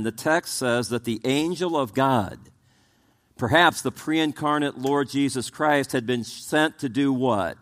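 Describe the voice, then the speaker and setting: A man's voice: mid-range voice, a little slow, fairly bright tone. A man preaching a sermon as pastor, asking the congregation rhetorical questions and often stumbling over repeated words as he restarts his sentences.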